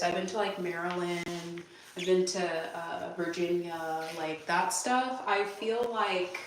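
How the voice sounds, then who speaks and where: A young woman with a Californian accent chatting casually while she cleans her bathroom, rambling and answering viewer questions out loud. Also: medium pitch, distant mic, slight background noise. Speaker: vlogger. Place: bathroom at home. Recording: echoey bathroom, voice from afar.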